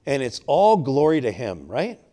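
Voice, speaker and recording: A man in his sixties, a pastor, preaching a sermon and telling personal stories, swinging between loud, emphatic bursts and quiet asides. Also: medium pitch, huge pitch swings, moderate pace.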